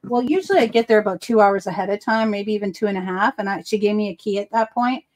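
A woman with a Boston accent hosts a casual crafting livestream, telling rambling stories and correcting herself as she goes. Her mid-range voice moves at a quick pace and sounds a little mellow, with a faint hiss or hum in the background.

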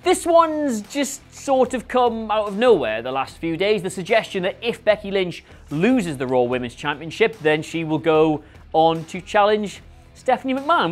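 A man hosting a scripted wrestling rumour show, talking in a sarcastic, animated, rhetorical way. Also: a little high. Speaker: host.

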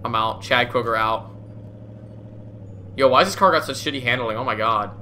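A man's voice: mid-range voice, moderate pace, sharp tone, slight background noise. A young man giving casual, goofy commentary as he plays a game, laughing often and swearing casually. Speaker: gaming YouTuber.

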